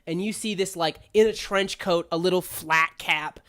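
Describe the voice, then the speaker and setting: A man's voice: high-pitched, normal speed, a bit bright, smooth. A man narrating as game master of a tabletop game, rambling with many restarts. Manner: rambling, lots of fillers and restarts.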